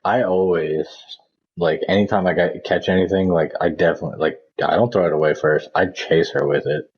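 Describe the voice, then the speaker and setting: A man's voice: low-pitched, brisk, gravelly, lo-fi sound. A man co-hosting a podcast, talking in a laid-back, casual way and swearing offhandedly. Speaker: podcast co-host. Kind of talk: casual chat.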